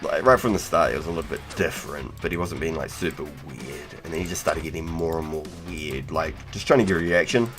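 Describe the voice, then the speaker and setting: A man's voice: a bass voice, a little fast, few pauses, fairly bright tone, faint music behind. A young man with a New Zealand accent, chatting casually and slangily to viewers on a game live stream, swearing freely.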